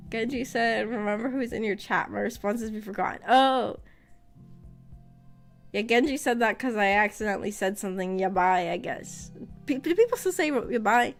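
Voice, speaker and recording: A woman VTuber chatting casually on stream, rambling and often laughing, her voice slightly rough after being sick. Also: on the high side, normal speed, pauses often, faint music behind. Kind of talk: casual live-stream chat.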